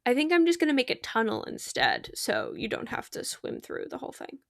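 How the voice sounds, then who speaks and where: During a casual gaming stream, a bubbly young woman chats brisk and creaky, giggling and getting excited as she goes. Her voice sits a little high, and the dry recording is close, with no room around it.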